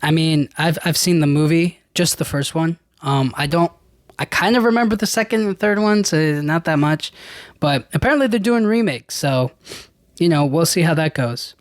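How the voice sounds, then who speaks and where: A man's voice: on the high side, normal speed, no echo, studio quality. A man hosting his own podcast, chatting casually and rambling through a list with lots of restarts and casual slang. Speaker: podcast host. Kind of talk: casual solo podcast chat.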